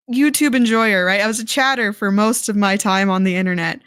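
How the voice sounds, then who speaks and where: A woman streaming, casually reacting to a video, frank and quick to laugh and swear. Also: mid-range voice, fairly bright tone, clear, resonant tone, no room sound, clean studio sound.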